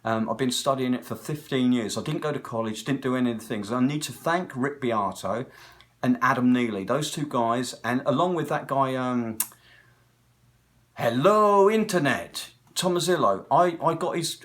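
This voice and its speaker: A British guitar technician in his sixties talks in a loose, rambling monologue, jumping from one tangent to the next like a chatty storyteller. His mid-range voice moves at a moderate pace and has a slightly bright quality.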